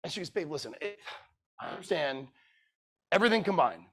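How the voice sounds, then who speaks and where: A man's voice: on the high side, very animated, brisk. A middle-aged man telling a sales story at a conference, acting out every line of dialogue. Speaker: keynote speaker. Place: conference room.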